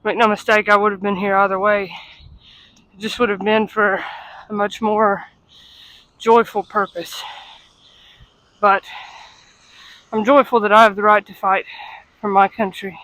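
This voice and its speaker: A woman vlogging casually to her phone, chatty and self-deprecating, at times out of breath from walking fast outdoors in the cold. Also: medium pitch, flat delivery, fairly bright tone, no room sound, rough recording. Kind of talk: casual travel vlog to camera. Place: outdoors on cold city streets.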